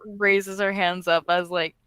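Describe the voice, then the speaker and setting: A woman's voice: mid-range voice, level tone, measured pace, bright, forceful tone, clean tone, no echo. Dry-voiced woman player. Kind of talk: tabletop game play.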